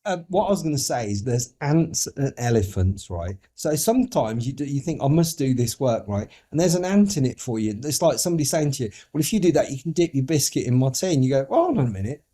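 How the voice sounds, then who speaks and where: A man's voice: medium pitch, quick pace, few pauses. A man from the United Kingdom, a podcast guest, telling stories animatedly, acting out other voices and swearing casually. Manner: animated storytelling, acts out voices. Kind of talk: podcast interview.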